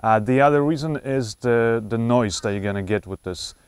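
A man's voice: medium pitch, normal speed, clean tone, no room sound. A man casually reviewing a wireless microphone, explaining settings with frequent fillers and restarts, recorded on a clip-on lavalier mic. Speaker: gear reviewer. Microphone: wireless lavalier clipped to shirt.

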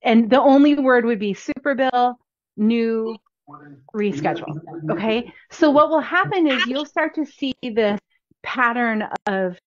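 A woman chiropractor coaches practice owners in an instructional talk, chatty and upbeat, repeating her key points. Her voice is a little high with lively intonation and a slightly slow pace, and the recording is dull, dry, lo-fi, with no echo.

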